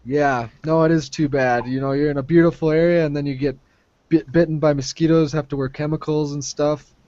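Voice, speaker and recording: A man's voice: fairly high pitch, fairly even intonation, fairly quick, darkish tone. A man hosting a casual group conversation on a video call, speaking in a friendly, easygoing way with fillers and restarts. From Minnesota. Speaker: host of a language exchange call. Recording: muffled online call audio.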